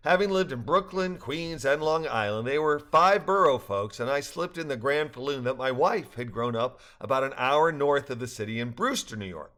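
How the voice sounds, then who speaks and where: An older man reading a personal story aloud, earnest and reflective, with occasional soft laughs. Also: medium pitch. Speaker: narrator.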